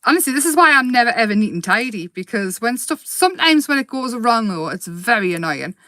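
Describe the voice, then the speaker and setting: A woman hosting a casual live craft demo, chatty and quick to giggle as she paints. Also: a little high, sing-song, sharp tone, no room sound.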